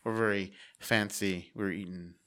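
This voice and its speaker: A man's voice: sits low, steady tone, moderate pace, a bit bright. A man co-hosting a casual podcast, telling a rambling story, swearing and laughing often. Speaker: podcast co-host. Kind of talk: casual chat.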